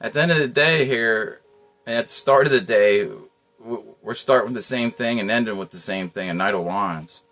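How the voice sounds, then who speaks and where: A man's voice: on the low side, moderate pace, a bit bright, soft background music. Rambling, slangy man reading tarot cards. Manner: loose and rambling, slangy, with frequent chuckles. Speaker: tarot reader.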